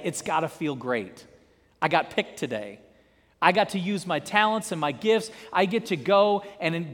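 Animated high-voiced male preacher. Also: big-room sound. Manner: animated storytelling, dramatic emphasis. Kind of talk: sermon.

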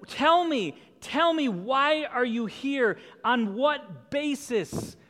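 A man's voice: extremely high pitch, animated, slow, sharp tone, pitched above the performer's own voice, full character voice. A man putting on a flustered angel at heaven's gate. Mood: baffled. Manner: flustered, questioning, stammering. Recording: long hall reverb.

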